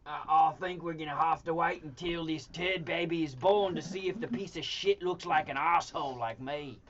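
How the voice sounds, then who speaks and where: A man putting on an Australian accent to play a crude, blokey male movie star who talks haltingly. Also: on the high side, a bit bright, muffled recording, close to an everyday voice. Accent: put-on Australian.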